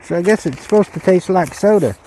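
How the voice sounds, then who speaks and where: Man, casual unboxing commentary, slow and rambling, fairly high voice, lively pitch. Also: a little hiss or hum, poor audio. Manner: slow, rambling, musing aloud. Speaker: channel host reviewing ration packs.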